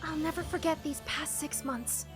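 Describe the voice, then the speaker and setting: A woman reading a gentle young woman's farewell lines from a game, soft, slow and tender. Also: sits high, steady tone, music in the background, voice pushed up, natural voice. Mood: wistful.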